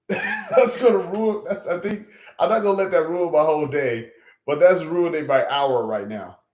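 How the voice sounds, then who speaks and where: A man's voice: fairly high pitch, moderate pace. Southern man in an echoey room, chatty. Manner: animated, repeats himself, talks to chat with slangy asides. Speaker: livestream host. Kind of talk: casual live-stream chat.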